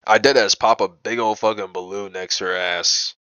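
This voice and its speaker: A man's voice: on the low side, steady tone, moderate pace, sharp tone, clean tone, dry recording, lo-fi sound. A young man telling a personal story in a casual vlog, rambling and profane, full of "bro" and "like". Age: young adult. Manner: agitated, indignant retelling.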